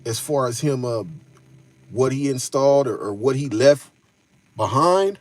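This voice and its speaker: A male live-streamer with a mid-range voice speaks at a measured pace, and there's no echo in the sound. He offers relaxed, slangy commentary and responds to his chat by speaking to it directly.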